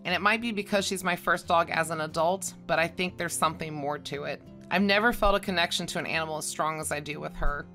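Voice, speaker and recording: A woman's voice: low-pitched, pushed and bright. A woman vlogging about her dog, reading a scripted personal tribute in a fond manner and chuckling often. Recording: faint guitar music behind.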